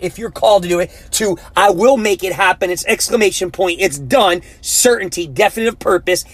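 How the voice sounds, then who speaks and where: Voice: mid-range voice, a bit bright, breathy edge, no room sound. A life coach giving a motivational podcast talk, with an emphatic, repetitive rallying cadence and preacher-like direct exhortation to the listener.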